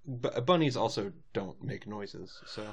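A man's voice: fairly low pitch, animated, a little slow, slightly rough. A man co-hosting a podcast, chatting casually and tossing in wry, teasing remarks. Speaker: podcast co-host. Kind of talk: casual chat.

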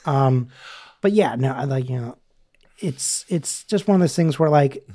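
Mellow-voiced man rambling in casual chat. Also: medium pitch, animated, unhurried. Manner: rambling, many fillers and restarts. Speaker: podcast co-host.

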